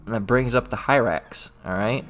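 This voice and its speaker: A man's voice: medium pitch, normal speed, a bit bright, soft background music. A man casually going through scripture verse by verse, reading passages aloud and checking in with his listeners after nearly every line. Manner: repetitive, checks in with "all right?"; reads old-style scripture aloud with more lift. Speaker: religious teacher.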